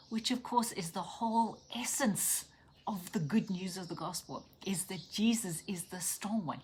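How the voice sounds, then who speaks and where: A woman giving an earnest, animated devotional teaching that keeps checking in with the listener and drops into soft, near-whispered asides. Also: medium pitch, a little hiss or hum. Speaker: Christian speaker and teacher.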